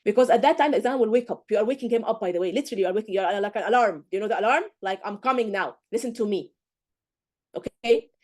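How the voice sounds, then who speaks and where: A woman's voice: mid-range voice, racing, few pauses, a little mellow. A woman tutor giving a live lecture to exam candidates, emphatic and direct, often checking in with the class. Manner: coaching, direct.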